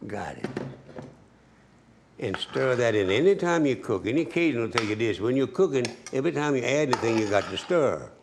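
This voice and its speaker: A home cook gives a cooking demonstration, talking straight to the viewer in a folksy, chatty way. His mid-range voice is animated and brisk, with noise in the background.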